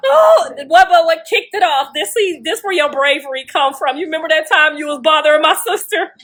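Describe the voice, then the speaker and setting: A middle-aged woman with a high, bright, froggy voice that sounds a little like Kermit the Frog. She chats animatedly and casually to her livestream viewers, calling them y'all and laughing often. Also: a little fast. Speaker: livestreamer and mother.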